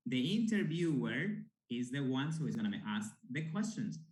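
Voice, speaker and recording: A man's voice: mid-range voice, sing-song, darkish tone. Male teacher coaching intonation, echoey room. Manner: slow, emphatic coaching, models intonation. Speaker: English teacher. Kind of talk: classroom lesson.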